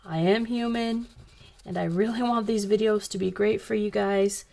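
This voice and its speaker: A woman with a drawl chats casually while she colors, wandering from one point to the next as she tells a story. Her voice sits in a middle pitch and has a steady crackle of vocal fry. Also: normal speed. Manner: rambling, chatty storytelling. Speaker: coloring channel host.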